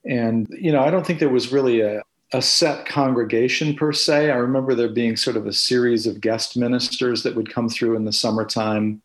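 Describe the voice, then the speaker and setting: A man's voice: mid-range voice, steady tone, moderate pace. Reflective man recalling family memories. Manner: reflective, hesitant, many restarts. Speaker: interviewee. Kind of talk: oral history interview.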